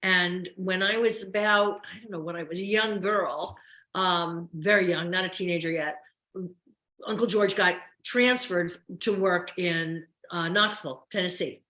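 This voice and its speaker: Older actress with New Jersey accent, fast and chatty, echoey room, casual interview guest. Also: female voice, lowish voice, pushed and bright. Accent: New York–New Jersey. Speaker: guest, soap opera actress.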